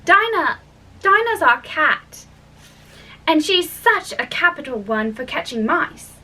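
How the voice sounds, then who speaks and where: A woman's voice: sits high, very animated, a little slow, a bit bright, full character voice. A woman reading aloud and voicing Alice, an earnest young girl who talks in eager bursts, recorded from a distance with faint music behind.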